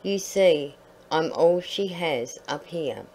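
A woman voicing a gaunt yellow male hound who is devoted to a child. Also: deep voice, animated, takes it slowly, heavily acted, low-quality recording. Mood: earnest.

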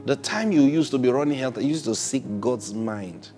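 A man preaching a sermon, opening with prayer and acting out little dialogues, swinging from soft to loud. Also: medium pitch, lively intonation, moderate pace, faint music behind.

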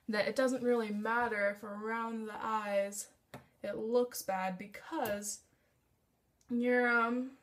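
A young woman vlogging at home, chatting in a rambling, self-deprecating way while she does her makeup. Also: medium pitch. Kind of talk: casual makeup vlog.

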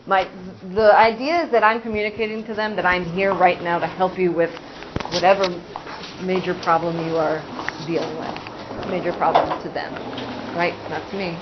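A school psychologist presenting a parent training in a casual, conversational way, with frequent fillers and acted-out examples. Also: female voice, fairly low pitch, steady tone, normal speed, heavy background noise. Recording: dull, muffled sound.

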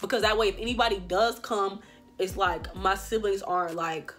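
A young woman telling a story straight to her viewers, animated and full of profanity. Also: medium pitch, moderate pace, soft background music. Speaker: vlogger. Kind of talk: storytime vlog.

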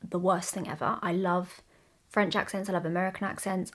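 A woman's voice: on the low side, fairly even intonation, brisk, fairly bright tone. A young British woman chatting candidly through a makeup tutorial, trading asides and stories as she works. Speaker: beauty vlogger.

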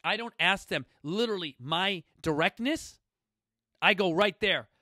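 A man, hosting his own fitness talk show and telling a personal story in a direct, emphatic way that swings between loud bursts and quiet asides. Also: high voice, lively intonation, measured pace, no echo, studio quality. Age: 40s. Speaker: gym founder and podcast host. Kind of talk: motivational storytelling monologue. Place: coastal Southern California gym studio.

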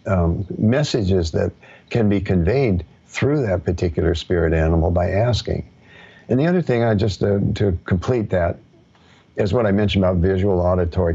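A man with a very deep, gravelly voice answers questions in a live teaching session, relaxed and reassuring. There is a husky edge to his tone, and the audio is dull and lo-fi. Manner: relaxed, reassuring, with many fillers. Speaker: teacher of ancestral practice.

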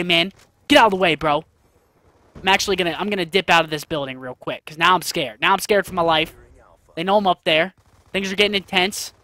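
A man giving live gameplay commentary as a gaming video host, excitable and slangy, breaking into loud, swearing outbursts. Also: sits high. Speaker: gaming YouTuber.

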